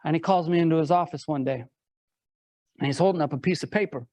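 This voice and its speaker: Earnest man telling his story, high voice. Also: fast talker, a little mellow, dry recording. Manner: earnest, builds with repeated rhetorical questions. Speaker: motivational speaker. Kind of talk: personal story told to a live audience.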